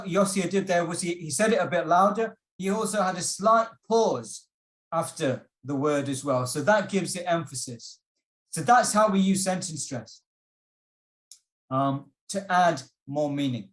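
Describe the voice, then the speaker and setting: An encouraging man teaching over a video call, his voice a bit higher than most men's. He repeats his instructions and fills pauses with ums. The sound bounces around an echoey room. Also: lively intonation. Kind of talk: online workshop teaching.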